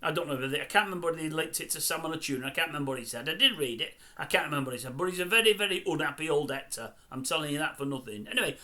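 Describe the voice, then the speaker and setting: A man's voice: fairly high pitch, animated, racing, few pauses, bright, forceful tone. An older man grumbling and mocking in a chatty celebrity commentary video. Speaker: YouTube commentator.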